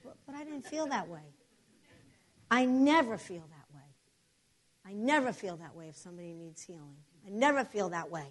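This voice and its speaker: A woman preacher telling a testimony in an animated storytelling manner, acting out the other voices. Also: mid-range voice, normal speed. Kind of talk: sermon testimony.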